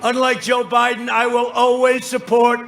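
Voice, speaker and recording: A man in his seventies giving a rambling, repetitive, boastful campaign rally speech into a podium microphone, often shouting to the crowd. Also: extremely high pitch, completely flat delivery, moderate pace, gravelly. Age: 70s. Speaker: politician addressing a rally. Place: large rally venue. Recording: noisy live rally sound.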